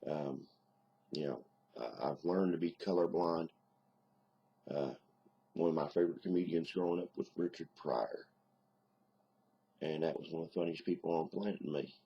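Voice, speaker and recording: A married man with a deep Southern accent, talking bluntly and casually to camera in a home video diary, plainspoken with mild cursing. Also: moderate pace, long pauses, mellow, highs cut off, slight background noise. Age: adult, married. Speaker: video diarist.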